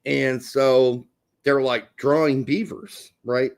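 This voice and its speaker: A middle-aged man co-hosting a podcast, telling stories in a jokey, animated way and laughing often. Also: medium pitch, takes it slowly. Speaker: podcast co-host. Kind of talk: casual chat.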